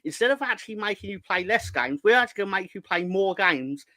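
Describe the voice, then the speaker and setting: Brief: man with a bright, sharp voice and deadpan sarcasm, recorded dry. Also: sits high, fast, no room sound. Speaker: regular pundit on a fan show. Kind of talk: casual banter.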